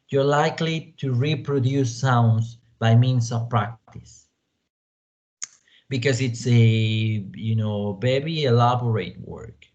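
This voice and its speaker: Slow, deliberate male language teacher. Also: medium pitch, darkish tone. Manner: deliberate, repeats "you know" as a filler. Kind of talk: online class lecture. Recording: dull lo-fi audio.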